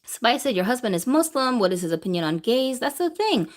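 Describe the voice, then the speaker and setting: A woman in her thirties talks straight to her audience in a live question-and-answer stream. She is blunt and opinionated. Her voice sits a little high and swings widely in pitch. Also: big pitch swings, fast. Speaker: doll collector vlogger. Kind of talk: live Q&A monologue.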